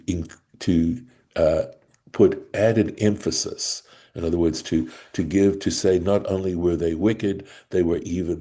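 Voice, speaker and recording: A man teaching a Talmud study class, reading Hebrew and Aramaic phrases aloud and translating them, often pausing with "right?" and restarting his sentences. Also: low-pitched, mellow, slightly rough. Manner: halting, restarts mid-sentence. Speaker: Torah teacher. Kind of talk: text study lesson.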